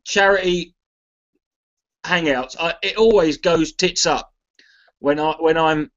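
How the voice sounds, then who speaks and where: Sweary comedian rambling over a muffled webcam. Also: male voice, a little high, slow pace, fairly bright tone. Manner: sweary, self-mocking, reads chat aloud. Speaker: comedian hosting a charity livestream. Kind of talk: casual rambling livestream chat.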